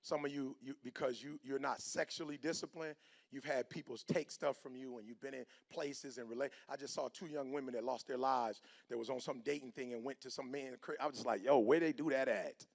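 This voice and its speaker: A middle-aged man giving a motivational talk, animated and preachy, with slang, swinging from hushed to loud. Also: medium pitch, a little fast, creaky. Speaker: motivational speaker. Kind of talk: motivational speech.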